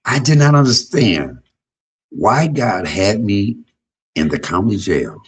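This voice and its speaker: A man in his fifties hosting a livestream, talking in a blunt, profane personal monologue that swings between loud outbursts and low murmurs. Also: very animated, slow, breathy edge, rough recording. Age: 50s. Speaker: livestream host.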